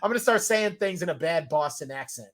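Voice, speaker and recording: A man hosting a sports show in a loud, joking, rambling manner. His voice sits high for a man. He chats casually with his co-host. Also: animated, a little fast.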